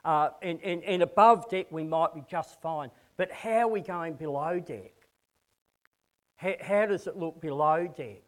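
A man's voice: fairly high pitch, a little slow. A man preaching a conversational sermon to a congregation, often repeating words as he starts a phrase.

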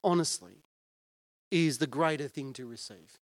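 A man's voice: fairly high pitch, unhurried, no echo, studio quality. A male pastor preaching a sermon in an earnest, conversational way and putting questions to his listeners.

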